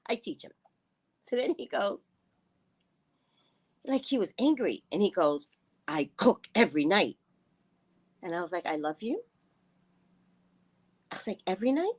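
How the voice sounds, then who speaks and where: A woman vlogger casually telling a personal story to her viewers, animated and quick to laugh, with frequent asides to her audience. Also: on the low side. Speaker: spiritual reader and vlogger.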